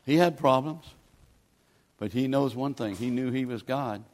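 A man's voice: medium pitch, unhurried, a little mellow. A man, preaching a sermon in a folksy, pleading, conversational way as a guest preacher. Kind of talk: sermon with altar call.

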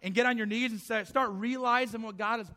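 A man's voice: extremely high pitch, steady tone, a little fast, pushed and bright. A middle-aged man preaching a sermon as pastor, impassioned, often acting out the voices of the people in his story.

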